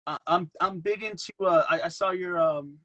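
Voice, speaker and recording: Animated man chatting as podcast guest. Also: high-pitched, moderate pace, dull audio. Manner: animated storyteller, repeats himself, acts out quotes. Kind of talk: casual chat.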